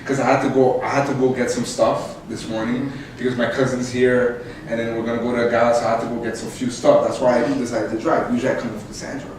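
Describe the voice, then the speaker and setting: A young man, a podcast host, telling a story casually and with much laughter, his voice leaping high when excited. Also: fast talker, few pauses. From Canada. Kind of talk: casual storytelling among co-hosts. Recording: echoey room, distant mic, faint noise.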